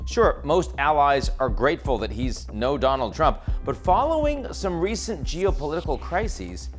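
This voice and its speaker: Middle-aged male host, sardonic scripted commentary, lively pitch, faint music bed. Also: normal speed. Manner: wry, sardonic, emphatic delivery.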